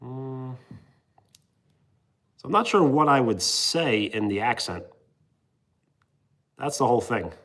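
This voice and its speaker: A laid-back man hosts a casual livestream and chats with viewers. His pitch is middling but swings lively up and down. He talks easily, often with a chuckle. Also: takes it slowly, pauses often. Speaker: livestream host reading chat. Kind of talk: casual chat.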